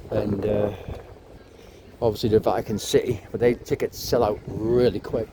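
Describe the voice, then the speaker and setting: A man's voice: medium pitch, normal speed. Breathless rambling man in his fifties on city streets. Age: 50s. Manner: chatty, rambling, swears and apologizes. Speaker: travel vlogger. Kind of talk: casual walking vlog. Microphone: clip-on mic to phone. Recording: outdoor street noise.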